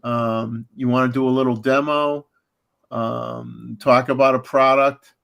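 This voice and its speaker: A man's voice: mid-range voice, steady tone, unhurried, gravelly, a bit bright, clean tone. Rambling man hosting a livestream. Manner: rambling, many fillers and restarts, chuckles often. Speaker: livestream host. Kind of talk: casual livestream chat.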